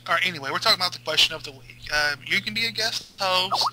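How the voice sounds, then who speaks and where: A man co-hosting a podcast in casual chat, joking and rambling, rushing through his asides. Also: high voice, crowd noise, low-quality recording. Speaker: podcast co-host.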